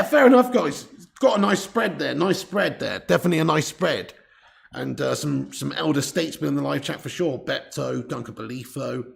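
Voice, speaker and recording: A man's voice: on the high side, creaky. A man, hosting a live football watch-along, chatting casually, reading out viewer comments and swearing freely. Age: 30s.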